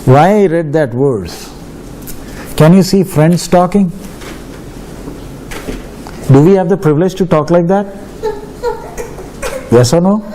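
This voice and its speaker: Slow, warm-voiced male preacher. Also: fairly high pitch, slight background noise. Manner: questioning the listeners, emphatic. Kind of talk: sermon.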